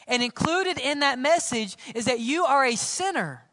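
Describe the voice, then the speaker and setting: A man preaching a sermon as pastor in a church, swinging between loud calls and hushed, whispered lines. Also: very high-pitched, animated, moderate pace, no room sound, studio quality, long reverb tail.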